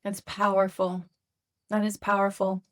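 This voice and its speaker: A woman hosting a podcast and asking reflective, gentle interview questions. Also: mid-range voice, completely flat delivery, a little slow. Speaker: podcast host.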